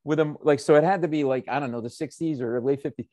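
Profane, animated storytelling man. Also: a little high, fast, dry recording, studio quality. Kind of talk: casual chat, comedic storytelling.

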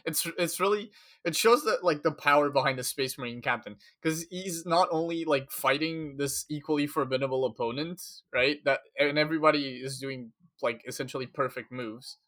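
A man's voice: on the high side, normal speed, bright, forceful tone. A man casually recapping a story in a podcast chat, rambling with lots of fillers.

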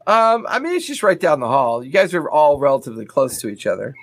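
Male game master, fairly high voice, unhurried narration with fillers, dry mic, faint background music. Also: no room sound. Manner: relaxed, hesitant narration with fillers.

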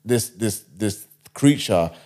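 A man's voice: fairly low pitch, expressive, slow, warm tone. A man casually retelling a wild story, rambling and slangy.

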